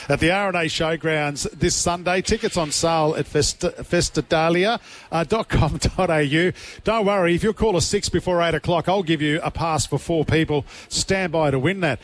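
A man's voice: fairly high pitch, normal speed. A man with an Australian accent hosting breakfast talkback radio from a studio, blunt and combative with jokey asides.

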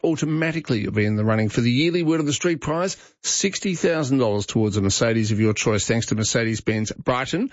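Opinionated Australian radio host, dry studio sound. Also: male voice, mid-range voice, no echo. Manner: opinionated, conversational, frequent fillers and restarts. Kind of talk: talkback radio commentary. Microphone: studio microphone. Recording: slightly dull broadcast audio, dry.

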